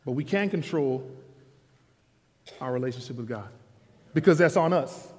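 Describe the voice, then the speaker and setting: A man preaching a sermon to a congregation in a casual, animated storytelling way. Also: medium pitch, normal speed, big-room sound. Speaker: pastor. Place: church sanctuary.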